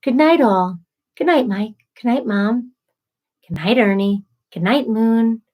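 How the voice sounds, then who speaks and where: A woman in her thirties hosting a casual live stream, ranting in an animated, exasperated way and acting out quoted voices. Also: on the high side, measured pace, highs cut off.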